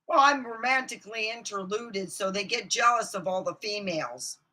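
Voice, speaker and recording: A woman ranting profanely to her camera, swinging from low muttering to outbursts of shouting. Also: expressive, normal speed. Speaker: vlogger. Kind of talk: angry ranting monologue.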